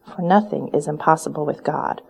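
A woman's voice: sits low, a little fast, gravelly, husky, exaggerated voice. A woman voicing a male angel who solemnly proclaims a message.

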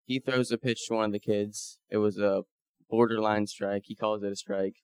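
A man's voice: lowish voice, normal speed, smooth, no room sound. A man casually telling a group about a mission trip, acting out the people he quotes. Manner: animated, acts out quoted dialogue. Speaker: mission trip member sharing photos.

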